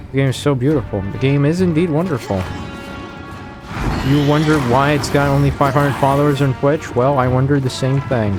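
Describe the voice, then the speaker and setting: A man streaming a video game, swearing constantly and sarcastic as he grows more and more exasperated. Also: mid-range voice. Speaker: gaming streamer. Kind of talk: frustrated gameplay commentary.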